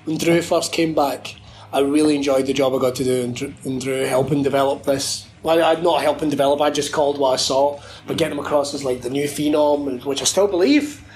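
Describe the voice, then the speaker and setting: A man's voice: mid-range voice, steady tone, a little fast, a little mellow, poor audio. A man who works as a wrestling commentator, chatting casually and rambling, often swearing and laughing. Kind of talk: casual podcast interview.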